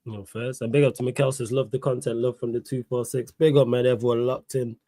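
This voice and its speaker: A man's voice: mid-range voice, flat delivery, brisk, warm tone, no room sound. A man hosting a casual podcast, reading out chat comments, slangy and given to laughing. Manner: laughs a lot, uses London street slang like "big up" and "yo". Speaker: podcast host.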